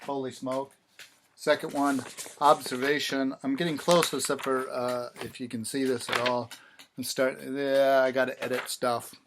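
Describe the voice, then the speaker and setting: A man's voice: medium pitch, flat delivery, a little slow, noisy background. A man talking casually to the camera about writing lyrics, wry and sarcastic, with mock-dramatic repetitions. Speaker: songwriter vlogger. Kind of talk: casual self-filmed vlog talk.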